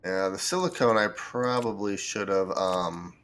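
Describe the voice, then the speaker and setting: A man streaming a building game, thinking aloud in relaxed commentary as he sorts items and plans what to build. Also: low voice, measured pace, a little hiss or hum. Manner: thinks aloud, with fillers and restarts. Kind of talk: casual gameplay commentary.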